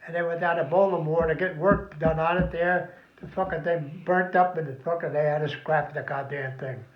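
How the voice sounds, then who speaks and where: An older veteran spins long, salty stories for his family, full of swearing. His voice sits fairly high for a man. The lo-fi recording sounds dull and roomy. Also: fairly even intonation, moderate pace. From New Jersey. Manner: rambling, profane, folksy. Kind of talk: casual reminiscing.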